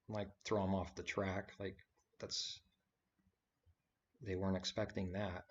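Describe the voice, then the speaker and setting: Low flat-voiced man preaching casually. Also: unhurried, pauses often. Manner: rambling and conversational, with many fillers and restarts. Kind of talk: informal spoken sermon. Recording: dull lo-fi recording.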